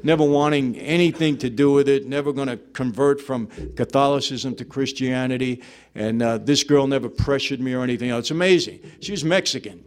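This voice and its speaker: A man's voice: mid-range voice, brisk. A man, telling his personal testimony to an audience in a conversational way and acting out bits of dialogue. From New York. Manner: conversational storyteller, acts out dialogue, frequent "you know". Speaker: speaker giving a personal testimony. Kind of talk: testimony talk to a live audience.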